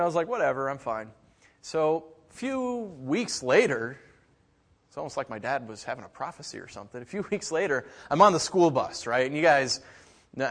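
A middle-aged man preaching a sermon, telling a childhood story with lively, animated delivery and mimicking other voices. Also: mid-range voice. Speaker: pastor. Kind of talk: sermon with personal stories.

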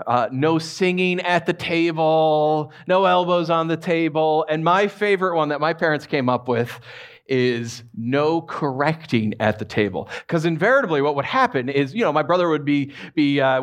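A man's voice: a little high, fairly quick. A man preaching a sermon to a live congregation, telling stories in a playful way and asking his listeners questions. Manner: animated, playful storytelling with audience questions. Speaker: pastor.

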